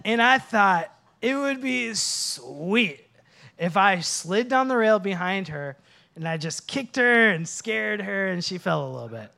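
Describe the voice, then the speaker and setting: A male pastor in his late thirties from Minnesota, preaching with self-mocking humor before a quiet, prayerful close. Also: high-pitched, big pitch swings, measured pace, creaky. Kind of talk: sermon.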